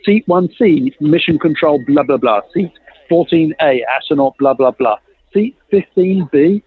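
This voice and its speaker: Over a tinny, phone-like, dry line, a man tells a long story in a chat, speaking at a fairly high pitch a little slowly, his voice slightly rough. He's lively, acts out the dialogue he quotes, and laughs often.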